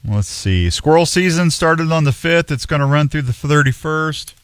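A man in his sixties with a fairly high voice and lively intonation hosts a radio show at normal speed, with no room sound. He's a folksy, rambling storyteller with many restarts, chatting casually and reading announcements.

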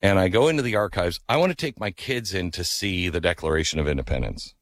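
A man hosting a talk radio show, telling a story in a casual, animated way and rising into incredulous outbursts. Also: low-pitched, quick pace.

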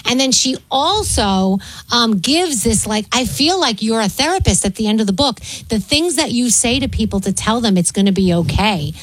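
Effusive female co-host, higher voice, dry close sound. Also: expressive, normal speed, hardly any pauses, dry recording, rough recording. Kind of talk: casual interview talk.

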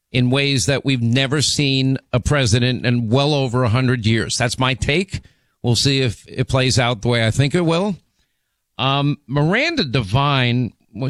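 Talk radio host, man in his sixties, laryngitis-hoarse, emphatic rambling delivery, dry studio sound. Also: mid-range voice, fairly bright tone, no room sound. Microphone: studio microphone.

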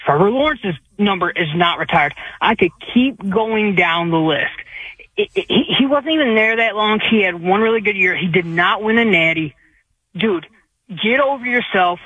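Guy calling in, highish voice, all worked up, says dude and man a lot, phone line sound. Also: animated, normal speed, husky, no echo. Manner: emphatic, repeats words, casual slang. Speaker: caller. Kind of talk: phone-in opinion. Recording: tinny dry phone line.

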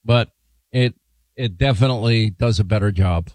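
A man's voice: lowish voice, moderate pace, darkish tone, no room sound. A man hosting a radio talk show, teasing his co-host and rambling in casual on-air banter.

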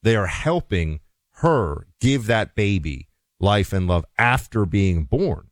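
A man with a low voice co-hosts a talk radio show, recorded dry and close on a studio microphone. He chats easily and reads sponsor copy at a steady, emphatic pace. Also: slow pace, dry recording. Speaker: radio co-host. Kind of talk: talk radio chat and live ad read.

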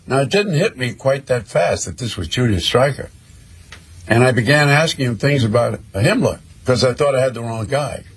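An older man telling a personal war story in a slow, measured way, with pauses. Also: medium pitch, expressive, husky.

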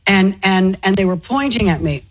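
A woman earnestly recounting a personal experience, halting and restarting often, and growing emotional as she speaks. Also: medium pitch, animated, husky. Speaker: interview guest. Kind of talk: personal storytelling.

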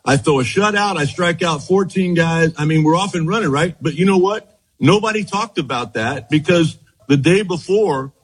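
Older guy, husky voice, kinda high, telling old baseball stories and laughing a lot. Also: moderate pace, low-quality recording. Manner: animated anecdotes, laughs often, frequent "as you know". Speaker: former baseball pitcher, guest. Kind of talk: reminiscing storytelling.

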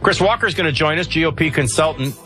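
A man's voice: on the high side, quick pace, music in the background. A man hosting a morning talk radio show, running through scores and birthdays with a breezy, wry manner and an announcer's sing-song cadence. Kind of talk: casual radio chat and sports rundown. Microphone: studio microphone.

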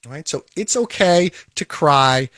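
A man's voice: fairly high pitch, animated, slow, fairly bright tone, no room sound, clean studio sound. A man giving an emphatic, repetitive motivational talk about toughness and handling emotions. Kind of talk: motivational monologue.

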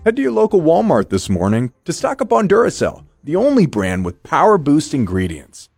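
A man's voice: fairly high pitch, huge pitch swings, brisk, vocal fry, a little mellow, slightly rough, no room sound, studio quality, faint music behind. A man reading a scripted advertisement in an earnest, reassuring way. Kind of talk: scripted ad read.

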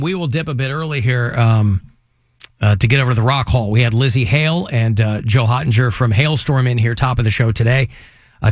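A man's voice: medium pitch, dry recording. A radio host in his fifties, originally from Manchester, England, bantering in a wry, joking way in a studio.

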